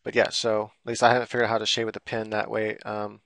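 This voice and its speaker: A man's voice: lowish voice, completely flat delivery, fast talker, creaky, a bit bright, no room sound, studio quality. A man giving a casual, rambling drawing tutorial while he works on screen, full of fillers and loose explanations. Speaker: drawing instructor.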